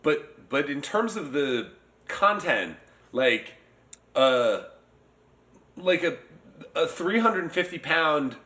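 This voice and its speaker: A man discussing a novel casually, halting and restarting his sentences often. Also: a little high, sing-song, pushed and bright. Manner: hesitant, stammering restarts. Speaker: podcast host. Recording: roomy echo.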